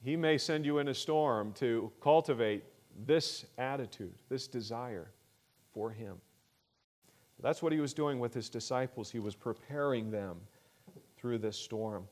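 A man preaching a sermon in an earnest, measured way, growing louder on the words he stresses. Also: medium pitch.

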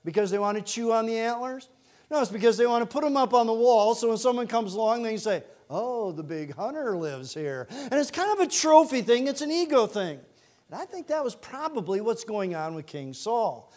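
A male pastor preaching a sermon, lively and animated, asking the congregation direct questions. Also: extremely high pitch, a little fast. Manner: animated, acts out scripture quotes in character voices.

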